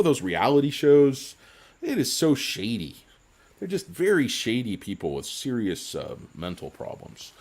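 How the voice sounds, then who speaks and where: Animated, ranting male stock commentator. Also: medium pitch. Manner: profane, sarcastic, rambling with comic insults. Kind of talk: casual ranting market commentary.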